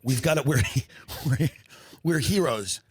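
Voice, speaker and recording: A man's voice: on the high side, slow, husky, no echo. A man voicing a smug, cavalier rich male vacationer who congratulates himself. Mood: mock-heroic.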